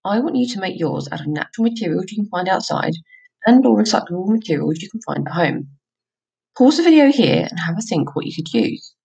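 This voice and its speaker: A woman presenting a children's lesson, giving instructions in an encouraging way, with a husky, gravelly voice. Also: mid-range voice, sing-song, brisk, dark tone, muffled recording. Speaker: outdoor learning presenter.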